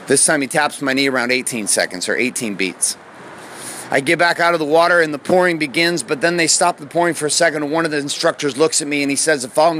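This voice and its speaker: A man in his thirties, a podcast host telling a personal story with dramatic intensity, building tension with pauses and slow emphasis. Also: a little high, fairly bright tone, slight background noise.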